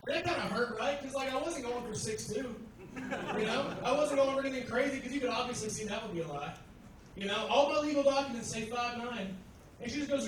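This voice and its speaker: A man's voice: very high-pitched, brisk, heavy reverb, far from the mic, low-quality recording. A man from Tennessee doing a crude, brash stand-up comedy set on a club stage, talking to the crowd between punchlines.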